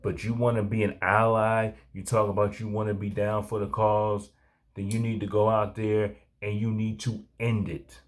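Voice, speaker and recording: Low-voiced man urging action. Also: level tone, normal speed. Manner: earnest, urging, repeats calls to action. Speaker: commentary show host. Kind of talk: reaction commentary.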